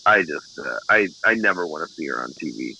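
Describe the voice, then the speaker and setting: A man's voice: extremely low pitch, lively intonation, a little fast, gravelly, bright, forceful tone, a little hiss or hum. A man co-hosting a podcast in casual chat, laid-back and full of fillers, on a dull lo-fi recording. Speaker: podcast co-host. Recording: dull lo-fi audio.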